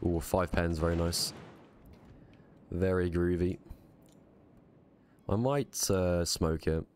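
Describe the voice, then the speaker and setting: A man streaming a naval battle game live, muttering quick reactive commentary to himself with a strained voice. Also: sits low, fairly even intonation, a little mellow, slight background noise.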